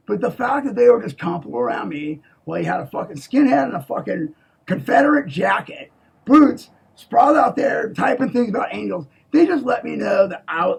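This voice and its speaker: A man in a rambling, profane monologue, swinging between loud outbursts and low mutters and tagging lines with "okay?". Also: creaky, slightly rough. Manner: profane, repeats "okay?", restarts a lot.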